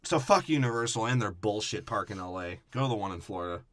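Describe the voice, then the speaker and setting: A man's voice: lowish voice, expressive, quick pace, a bit bright, dry recording. A man co-hosting a podcast, giving a crude, profane movie breakdown and acting out characters in mocking voices. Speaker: podcast co-host.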